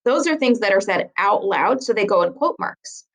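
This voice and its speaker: A woman teacher giving a recorded writing lesson, explaining patiently and clearly, slowing down to stress key words. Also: medium pitch, animated, low-quality recording.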